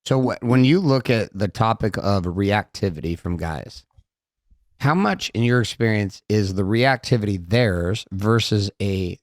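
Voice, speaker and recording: A man co-hosting a podcast in casual chat, animated, joking and crude. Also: lowish voice, a little slow, no room sound, clean studio sound. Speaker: podcast co-host.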